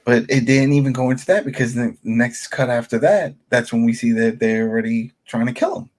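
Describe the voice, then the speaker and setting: A man's voice: mid-range voice, fairly quick, darkish tone. A man co-hosting a podcast, giving blunt, opinionated criticism in casual chat. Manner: blunt and opinionated, acts out quotes. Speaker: podcast co-host.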